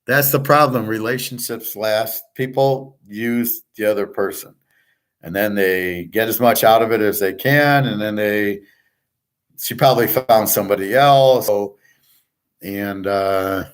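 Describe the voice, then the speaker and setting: A middle-aged man with a somewhat low voice delivers a rambling personal monologue. He talks bluntly and with frustration, swears freely, and stumbles through frequent restarts. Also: measured pace, clear, resonant tone. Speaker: channel host.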